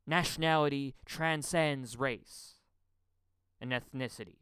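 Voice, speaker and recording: A man from Canada hosting a podcast, ranting angrily about politics. He swears a lot, stammers and repeats words, and swings between loud outbursts and muttering. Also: medium pitch, slow pace, clean tone, dry recording. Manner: profane, stammering, repeats words when heated. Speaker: podcast host. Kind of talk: angry political rant.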